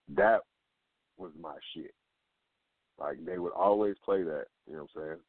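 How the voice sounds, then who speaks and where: A man's voice: deep voice, lively intonation, measured pace, dry recording. Radio host, man, loose and profane, dry sound. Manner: loose, profane, rambling with restarts. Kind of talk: casual radio talk. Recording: phone-line audio.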